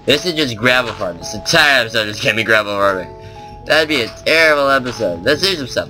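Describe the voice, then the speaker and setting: A man's voice: medium pitch, animated, fast, sharp tone, soft background music. A man giving casual gameplay commentary as a let's play host, rambling and thinking aloud with lots of fillers.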